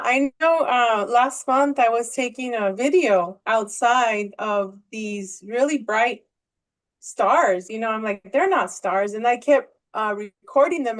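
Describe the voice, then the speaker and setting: A woman hosting a casual video call, asking friendly questions and chatting about her own experiences. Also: fairly high pitch. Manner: friendly, asks questions, gives chatty asides. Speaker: host.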